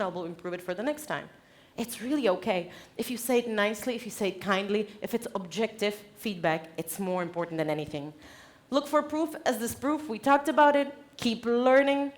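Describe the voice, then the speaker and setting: A woman giving a conference keynote on stage, direct and lively, laughing often. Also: medium pitch, fairly quick, hardly any pauses. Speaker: conference speaker.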